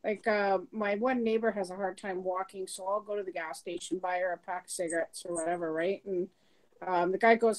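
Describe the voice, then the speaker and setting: A woman in her mid forties chatting in a group, telling quick anecdotes and laughing. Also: medium pitch, poor audio. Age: 40s. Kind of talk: casual group chat.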